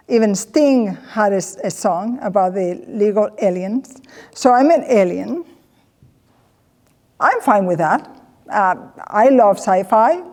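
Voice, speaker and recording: A woman giving a comedic personal storytelling talk, animated and acting out the voices of the people she quotes. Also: mid-range voice, in a large hall. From Spain. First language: Spanish. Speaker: presenter.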